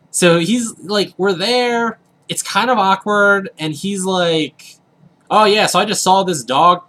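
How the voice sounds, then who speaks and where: A man's voice: medium pitch, bright, forceful tone. A young man casually rambling through a story while commenting on a video game, full of fillers and asides. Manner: rambling, filler-heavy, chatty. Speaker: let's play host.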